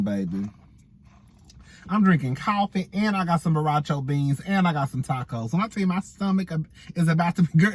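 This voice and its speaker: A man giving sassy, chatty reality-TV gossip commentary, addressing viewers as girl and y'all and laughing often. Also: fairly high pitch. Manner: laughs often while talking. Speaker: celebrity gossip vlogger.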